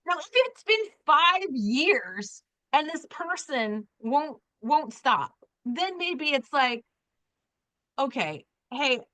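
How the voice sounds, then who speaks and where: A woman leading an online workshop over a video call from home, chatty and quick to laugh, with many restarts. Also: high voice, very animated, sharp tone, dry recording. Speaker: trainer.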